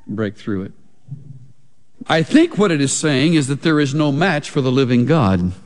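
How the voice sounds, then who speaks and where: Slow, emphatic preaching man in a hall. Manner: slow, emphatic preaching with wide swings in pitch and volume. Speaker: pastor. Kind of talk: sermon.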